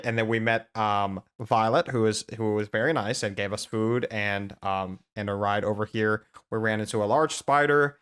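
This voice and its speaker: A man playing a tabletop game, speaking in character with a hesitant, halting manner. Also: lowish voice, a bit bright, clean tone. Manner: hesitant, many ums. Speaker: player.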